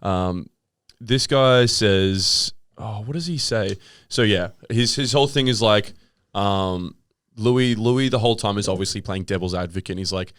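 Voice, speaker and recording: A man's voice: fairly low pitch, normal speed, a bit bright, clean tone, no room sound, clean studio sound. A man co-hosting a podcast, recapping a documentary in a rambling, laid-back way. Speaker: podcast co-host. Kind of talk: casual chat.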